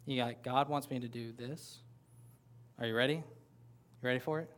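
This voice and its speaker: A man's voice: medium pitch, moderate pace, a bit bright. A man preaching a sermon as pastor, talking conversationally with playful asides to the congregation. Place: church sanctuary with a congregation.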